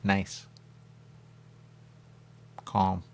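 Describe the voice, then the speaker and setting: A man hosting a radio show, rambling through a spiritual monologue with a repeated refrain and sudden high voices when he quotes others. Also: very slow, a little mellow. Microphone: radio studio mic.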